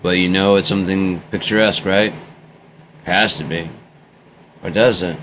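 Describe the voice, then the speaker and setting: A man's voice: deep voice, fairly even intonation, normal speed, long pauses, fairly bright tone, slight background noise. An American man talking casually in a meandering, drifting monologue, trailing off and jumping between topics. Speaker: vlogger recording a personal journal.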